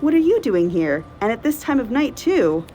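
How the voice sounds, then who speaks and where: A woman's voice: on the high side, sing-song, moderate pace, mellow, soft background music, voice pushed up, rough recording. A woman voicing a precocious little boy in a storybook read-aloud, speaking in a matter-of-fact, knowing way. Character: bright, precocious little boy, calm and sure.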